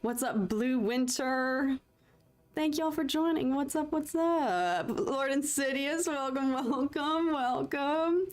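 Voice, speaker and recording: A woman's voice: high voice, slow pace. A young adult woman chatting casually with her live-stream audience while painting, rambling and self-deprecating, with mild stand-in swear words.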